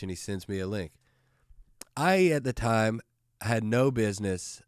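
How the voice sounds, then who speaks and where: A male podcast host telling casual, jokey stories in a loose, profane, animated way, close to the microphone. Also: on the low side, unhurried, clear, resonant tone, dry recording. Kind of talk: casual storytelling chat.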